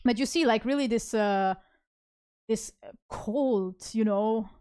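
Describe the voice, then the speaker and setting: A woman streamer telling a story casually, with sarcastic asides and lots of halting fillers and restarts. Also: fairly high pitch, a little mellow, clear, resonant tone, no room sound, clean studio sound. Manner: sarcastic asides while reading messages.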